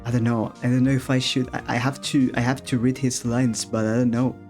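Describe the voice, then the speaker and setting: A man's voice: medium pitch, level tone, fairly quick, darkish tone, soft background music. A man chatting casually while streaming a game, laughing often and restarting his sentences.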